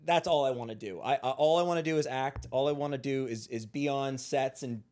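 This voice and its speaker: A man's voice: medium pitch, brisk, darkish tone. A man from Los Angeles, a guest on a podcast, talking eagerly in casual chat and often restarting his sentences. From Los Angeles, USA.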